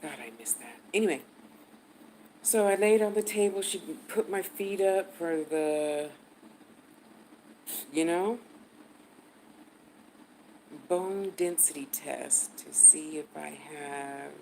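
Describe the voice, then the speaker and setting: A woman's voice: sits low, takes it slowly, long pauses, dark tone, slight background noise, rough recording. Blunt, cursing older woman telling a story. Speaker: vlogger. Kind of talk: profane storytelling.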